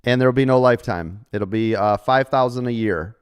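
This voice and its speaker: Fairly quick and smooth, a mid-range male voice belongs to a middle-aged man running a live trading stream. He talks to members in a relaxed sales pitch, full of jokes and repeated rhetorical "right?".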